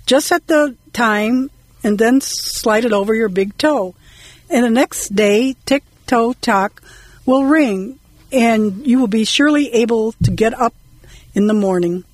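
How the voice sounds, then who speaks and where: Woman briskly reading jokes. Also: a little high, darkish tone, no room sound, rough recording. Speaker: co-host.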